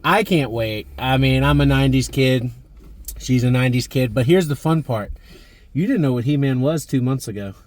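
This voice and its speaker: A man in his thirties hosts a movie review vlog, chatting casually and enthusiastically about a film with lots of fillers. His voice is mid-range, and he speaks at a moderate pace.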